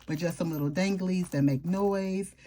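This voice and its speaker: A woman with a lowish, mellow voice talks casually through a show-and-tell of her planner. She chats straight to her viewers in an informal, friendly way, with a faint hiss of background noise behind her. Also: normal speed. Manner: chatty, informal, talks straight to viewers with southern-style slang. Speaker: planner vlogger.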